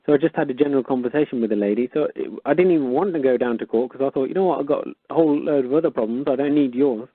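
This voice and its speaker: Man, mid-pitched, animated storyteller, tinny phone line. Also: very fast, hardly any pauses, breathy edge, no echo. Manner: animated, with sudden jumps up in pitch. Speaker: guest on a call-in talk show. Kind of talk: casual storytelling, acting out conversations.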